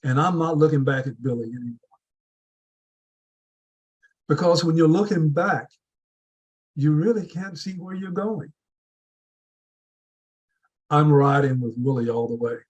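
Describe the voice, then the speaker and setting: Guy giving a motivational talk, husky voice, slow and deliberate, keeps asking questions. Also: on the high side, darkish tone, dull audio. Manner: deliberate, with repeated rhetorical questions. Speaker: club speaker. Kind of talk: motivational speech.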